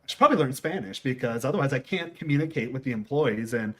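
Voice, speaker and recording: A man's voice: mid-range voice, expressive, quick pace, bright, forceful tone. A middle-aged man from the United States, hosting a casual conversation and telling stories with a wandering, restart-filled delivery. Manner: rambling storyteller, quotes people in voices. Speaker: host.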